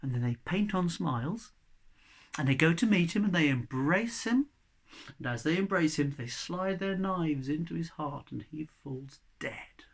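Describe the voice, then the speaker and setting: A male storyteller telling a folk tale aloud, swinging between loud passages and hushed whispers. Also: a little high, gravelly.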